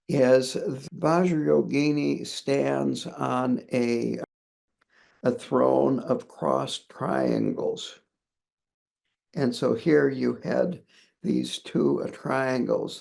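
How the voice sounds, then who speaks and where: Slow gravelly-voiced man teaching. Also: mid-range voice, darkish tone. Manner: measured, explanatory, pausing with "uh". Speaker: Buddhist lama teaching a text. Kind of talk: commentary on a scripture.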